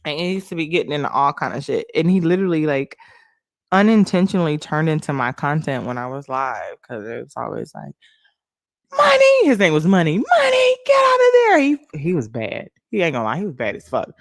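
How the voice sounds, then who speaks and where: A young woman hosts a casual livestream, laughing and thanking viewers by name. Her voice jumps up and down in pitch with lots of expression. The sound is dry and close to the mic. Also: expressive, fast talker, dry recording. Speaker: livestream host.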